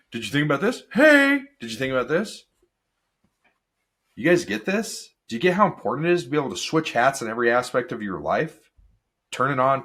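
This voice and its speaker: Low husky guy rambling thru his solo podcast, lots of tangents, super energetic. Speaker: podcast host.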